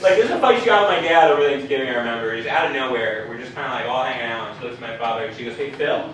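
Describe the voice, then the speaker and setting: A man's voice: medium pitch, racing, a bit bright, far from the mic. A young man performing a stand-up comedy set in a bar basement, with punchy lines and muttered asides. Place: basement of a bar, live crowd. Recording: echoey room, heard from afar, audience noise.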